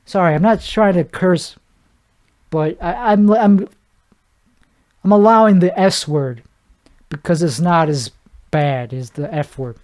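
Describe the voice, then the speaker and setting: A man's voice: sits high, a little slow, darkish tone. Rambling man riffing on a solo podcast. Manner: rambling, riffing, with mouth sound effects; frequent restarts and stammered repeats. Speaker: podcast host. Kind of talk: comedic solo podcast monologue.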